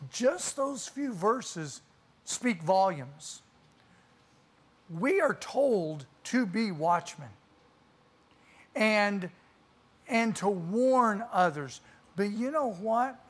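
Slow, storytelling preacher. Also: mid-range voice. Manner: storytelling with dramatic pauses; reads scripture aloud. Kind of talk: sermon.

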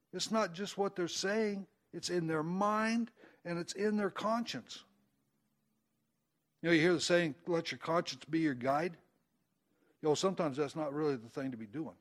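A man's voice: a little high, fairly bright tone. A man preaching in an informal, conversational way, reading Bible verses aloud and explaining them in plain folksy speech. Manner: conversational, folksy, rising emphasis on quoted verses.

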